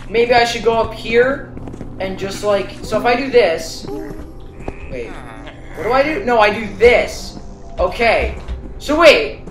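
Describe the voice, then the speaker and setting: A woman giving let's play commentary as a gamer, excitable and reacting aloud to every surprise. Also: on the high side. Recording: roomy, distant mic with game music.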